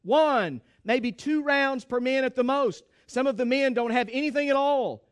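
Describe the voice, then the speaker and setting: A man's voice: very high-pitched, normal speed, clear, resonant tone. A man voicing an anxious younger brother and soldier with an urgent, pleading voice.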